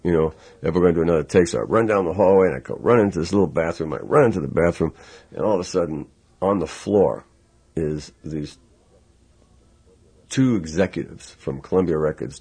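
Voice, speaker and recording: Male musician guest, deep raspy voice, animated storyteller. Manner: animated storyteller acting out quotes, laughing. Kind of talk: casual interview anecdote.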